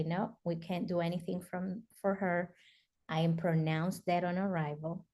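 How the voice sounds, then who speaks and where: A woman's voice: lowish voice, warm tone. A woman guest in an interview, telling a personal story earnestly with frequent fillers like "you know" and "like". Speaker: summit guest speaker.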